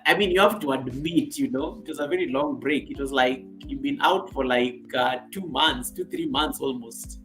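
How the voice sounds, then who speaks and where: A woman's voice: sits low, fairly bright tone. Chatty Kenyan woman hosting a live stream. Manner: chatty, laughs often, repeats phrases. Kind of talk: casual live stream chat, reading viewer comments.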